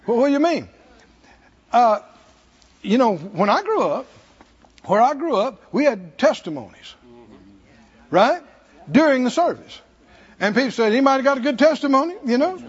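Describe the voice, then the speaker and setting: A man's voice: extremely high pitch, very animated, unhurried, long pauses, slightly rough, highs cut off. A man with a Southern American accent preaching a sermon in a church, folksy and humorous, chuckling between points. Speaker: pastor. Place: church sanctuary.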